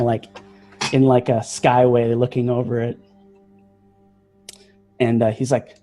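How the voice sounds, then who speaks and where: Slow, descriptive male game master. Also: medium pitch, mellow. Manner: descriptive, with many fillers. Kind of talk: narrating a tabletop game.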